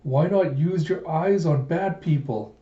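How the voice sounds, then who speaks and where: A man's voice: a little high, unhurried, dark tone, reverberant, lo-fi sound, pitched above the performer's own voice, close to an everyday voice. A man doing a timid, tearful little boy. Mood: pleading. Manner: pleading, hesitant. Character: timid young boy dragon, lonely and teary.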